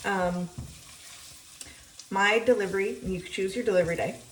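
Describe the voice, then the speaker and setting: Over the sizzle of a frying pan, a young woman talks casually while cooking in her kitchen, explaining her routine with a ramble of ums. Her medium-pitched, fairly bright voice moves at a moderate pace; the mic sits far away, picking up a little hiss or hum, and the echoey room often leaves her off-mic.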